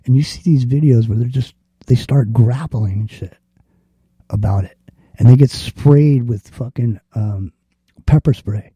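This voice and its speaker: Profane, rambling talk radio host. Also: male voice, mid-range voice, mellow, husky, no echo. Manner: profane, rambling, acts out confrontations in quick quoted voices. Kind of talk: casual talk radio rant.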